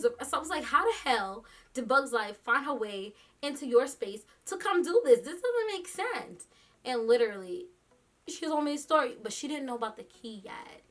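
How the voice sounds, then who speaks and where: A woman vlogger tells a story in a casual, animated way, laughing often and slipping into quick quoted asides. Her voice is bright and sits a bit high. Faint music plays underneath. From New York.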